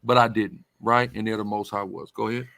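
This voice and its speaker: A man's voice: fairly low pitch, level tone, fairly quick, vocal fry, fairly bright tone, no room sound. A man talks like a preacher, leaning hard on his points and repeating them for weight. His voice sits dry and close to the mic with no room sound. He stays loose and conversational while he teaches. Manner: emphatic, repetitive, conversational. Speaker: religious teacher. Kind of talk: preaching-style commentary.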